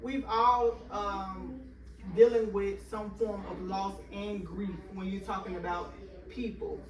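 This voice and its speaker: Slow-spoken woman hosting, echoey room. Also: medium pitch, fairly even intonation. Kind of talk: hosting a group discussion. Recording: echoey room, distant mic, faint hiss.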